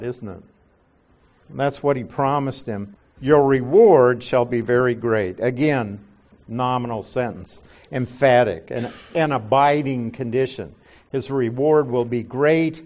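A man's voice: mid-range voice, darkish tone. A man teaching a Bible class, patiently explaining grammar, asking rhetorical questions and correcting himself as he goes. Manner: corrects himself mid-sentence.

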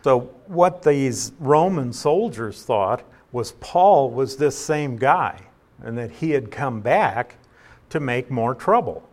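A man's voice: medium pitch, lively intonation, slow pace. A man teaching through scripture verse by verse, as a pastor at an evening study. He reads each passage aloud, then explains it in an easy, conversational manner with a mid-range voice.

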